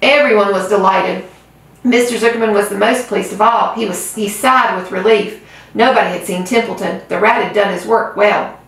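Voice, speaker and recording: A woman's voice: mid-range voice, fairly even intonation, moderate pace, fairly bright tone. Woman reading a storybook in an echoey room. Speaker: reader. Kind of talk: reading a children's book aloud. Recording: roomy, far from mic.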